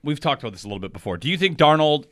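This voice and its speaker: A man's voice: on the high side, sing-song, very fast, fairly bright tone, no room sound. A man co-hosting a sports radio show, chatting in a wry way that pokes fun at hype, in a radio studio. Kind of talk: casual sports radio chat.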